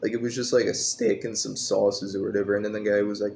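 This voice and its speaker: A man's voice: fairly low pitch, level tone, quick pace, creaky, few pauses, a little mellow, slight background noise. A man reviewing a movie in a casual, profane, scornful rant full of rambling asides.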